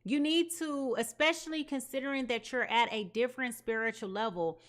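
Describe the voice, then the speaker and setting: A woman's voice: fairly high pitch, brisk. A woman giving a live tarot reading, talking in an emphatic, repetitive way with casual slang. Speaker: tarot reader.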